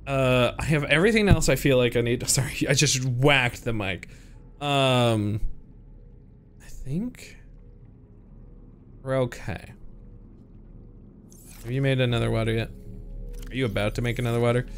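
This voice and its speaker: A man's voice: medium pitch, brisk, a little hiss or hum. A young man streaming a game, chatting playfully to his viewers and to the creatures on screen. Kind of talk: casual gameplay commentary.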